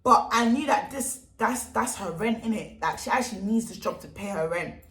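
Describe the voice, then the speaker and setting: A young woman telling a storytime vlog, animated and emphatic, full of street slang. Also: medium pitch, moderate pace. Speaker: vlogger. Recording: echoey room.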